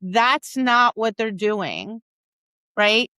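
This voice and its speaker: A woman telling casual, animated stories as co-host of a dog training podcast slips into fast impressions of the people and dogs in them. Her voice is a little high and clean-toned, in a dry recording.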